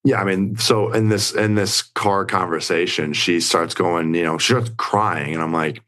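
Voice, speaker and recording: A man's voice: deep voice, steady tone, normal speed, hardly any pauses, fairly bright tone. A young man, an interview guest, retelling a story in a rambling way full of fillers and quoted lines.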